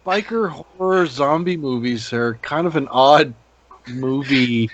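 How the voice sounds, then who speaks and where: A man's voice: medium pitch, slow, highs cut off. A man co-hosting a casual movie review podcast, rambling with many ums and restarts. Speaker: podcast co-host.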